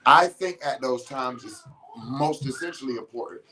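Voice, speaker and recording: Over soft background music on a low-quality recording, a male podcast host with a mid-range, sharp-toned voice speaks at normal speed. Blunt and emphatic, he swears freely and keeps restarting sentences as he tells his listeners stories in a casual way.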